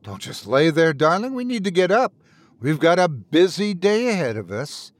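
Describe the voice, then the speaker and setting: A man's voice: a little high, very animated, dry recording. A man voicing a cheerful, loving older wife who fusses and hurries along in a spooky audio story. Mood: brisk. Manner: bright, quick, fussing.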